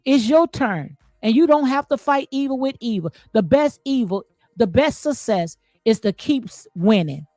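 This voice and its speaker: A woman's voice: a little high, expressive, normal speed, dark tone, dry recording. Woman host for a chatty commentary stream, emphatic with repeated phrases, dry voice with light music behind. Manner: emphatic, repeats phrases, frequent "okay?" and "absolutely". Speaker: commentary channel host reading live chat. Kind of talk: casual reality-show commentary.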